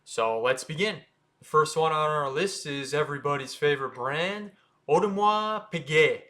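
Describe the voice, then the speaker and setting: An American man hosting a watch channel, casually explaining how to say brand names, sounding them out slowly with offhand asides. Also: on the high side, expressive, pushed and bright. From United States. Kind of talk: casual explainer talking to camera.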